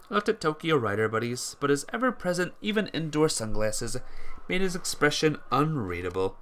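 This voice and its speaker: A man reading a visual novel aloud in a let's play, with lively delivery and occasional stumbles and restarts. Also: on the high side, a little fast.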